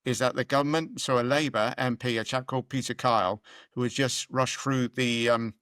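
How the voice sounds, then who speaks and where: A British man talks in a loose, rambling way, full of "um"s and restarts, in an everyday mid pitch. The sound is dry and close, with no room around it. He co-hosts a casual political chat. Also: steady tone, a little fast, a bit bright, clean tone, no room sound. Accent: British English. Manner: rambling, conversational, frequent fillers and restarts. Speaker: podcast co-host.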